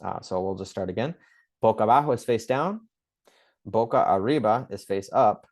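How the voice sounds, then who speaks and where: Guy with a lowish voice walking through exam phrases, easygoing, slows down on the key words. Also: lively intonation. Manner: loose and chatty, slows to spell out phrases. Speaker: chiropractor teaching clinic Spanish. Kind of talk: casual instructional talk.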